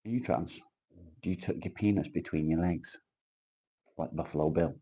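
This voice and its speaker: Deep husky man. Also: moderate pace, dark tone. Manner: crude, teasing banter, reading viewer comments aloud. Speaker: livestream host. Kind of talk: casual livestream chat.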